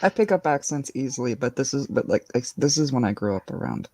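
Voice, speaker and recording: A woman's voice: rumbling low, animated, quick pace, crowd noise. A middle-aged woman chatting in a friendly, slightly apologetic way as a guest on a video call. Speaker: stream guest. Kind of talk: casual video chat.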